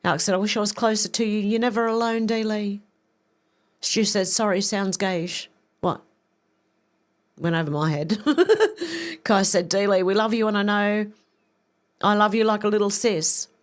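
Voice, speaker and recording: A woman hosting a live stream from home, reading viewer messages aloud in a mid-range voice. She answers each comment with quick casual asides. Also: mid-range voice, steady tone. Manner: chatty, reacts to comments with quick asides and laughs.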